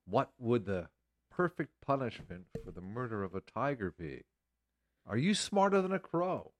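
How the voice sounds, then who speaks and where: A man co-hosting a live radio talk show who reads news items in a steady, informative way. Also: mid-range voice, normal speed.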